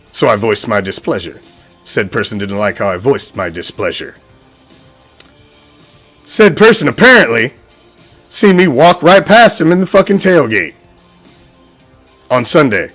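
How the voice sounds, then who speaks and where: A man's voice: medium pitch, fairly bright tone. A man hosting a fan show, ranting in a heated, profane, repetitive way. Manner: profane, heated, repeats himself. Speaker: podcast host, sports fan. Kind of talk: unscripted fan rant.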